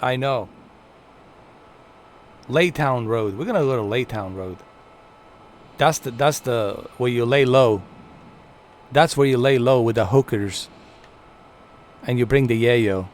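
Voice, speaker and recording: A man's voice: medium pitch, measured pace, pauses often, slight background noise. A man streaming a flight game, giving chatty, playful live commentary to his viewers. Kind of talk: casual gameplay commentary.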